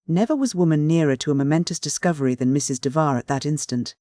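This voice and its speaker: An audiobook narrator reading a classic novel in measured, scripted narration. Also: medium pitch, mellow, dry recording, clean studio sound.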